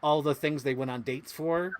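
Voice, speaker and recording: A man co-hosting a casual movie chat podcast, excitable and laughing often, leaping up high when he quotes characters. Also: moderate pace, a loud crowd. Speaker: podcast co-host.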